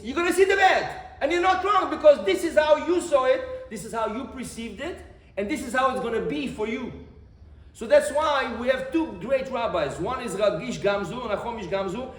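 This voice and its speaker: A man, a rabbi, giving an animated Torah lesson, repeating phrases and quizzing his listeners. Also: extremely high pitch. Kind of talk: Torah lesson to a live group. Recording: echoey room, faint background noise.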